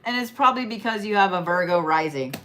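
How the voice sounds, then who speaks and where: A woman's voice: on the low side, animated, fast talker, noisy background. Tired young woman w oklahoma accent reading horoscopes, chatty, teasing, says stuff twice. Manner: chatty and teasing, repeats phrases for emphasis. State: tired, yawning. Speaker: astrology and reiki livestream host.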